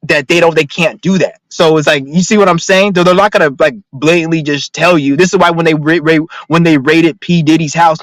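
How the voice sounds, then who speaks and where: A man's voice: a little high, fairly bright tone, no room sound, low-quality recording. A man ranting to his viewers in a profane, rambling, emphatic monologue, reading out their comments now and then. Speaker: vlogger.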